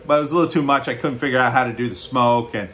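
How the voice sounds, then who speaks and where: A man's voice: medium pitch, rapid-fire, fairly bright tone, slight background noise. An American man giving blunt, sarcastic political commentary on his own show, often rising into mocking outbursts. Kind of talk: opinionated solo commentary.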